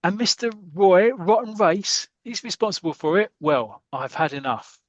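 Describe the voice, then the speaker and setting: A man voicing a bitter, hot-tempered young male footballer from a comic strip, in shrill, indignant outbursts. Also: unhurried, fairly bright tone, no echo, muffled recording.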